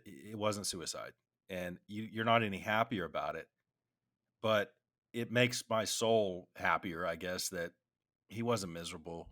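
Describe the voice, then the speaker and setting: A middle-aged man with a very low voice that still has a bright, forward edge tells stories with a veteran's casual looseness. He circles back and restarts often. The sound is dry and close. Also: no room sound. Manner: rambling anecdotes with many restarts and fillers. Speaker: podcast co-host; military veteran. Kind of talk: casual conversational storytelling.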